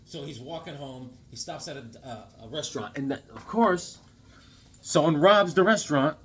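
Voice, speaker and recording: A man's voice: fairly high pitch, normal speed, husky. A man casually recapping a comic series, rambling and chatty, often checking in with the listener.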